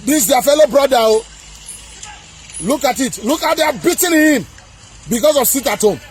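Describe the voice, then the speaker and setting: A man delivering heated political commentary in a vlog, emphatic and sing-song, often breaking into shouts. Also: extremely high pitch, lively intonation, moderate pace, a little hiss or hum.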